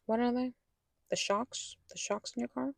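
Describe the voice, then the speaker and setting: A woman's voice: fairly high pitch, steady tone, moderate pace, vocal fry, no echo. A young adult woman talking candidly in a personal vlog, rambling and correcting herself, sometimes dropping to a whisper. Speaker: vlogger.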